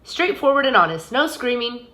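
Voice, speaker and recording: A woman voicing a smooth, greedy male gatekeeper of the dead with a silky, mocking manner. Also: a little high, very animated, normal speed, pushed and bright, pitched above the performer's own voice. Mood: sly, silky.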